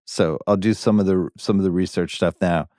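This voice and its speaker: A middle-aged American man hosting a podcast in casual chat, relaxed and wry as he steers the talk. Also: low-pitched, brisk, no echo, studio quality. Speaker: podcast host.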